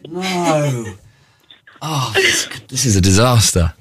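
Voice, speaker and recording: A male radio host bantering in a casual, animated and self-mocking way, often sounding exasperated. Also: fairly low pitch, normal speed.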